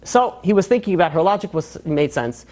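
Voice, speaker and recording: A man, a rabbi, telling a long story in a sermon, animated and full of fillers. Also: sits high, a little fast.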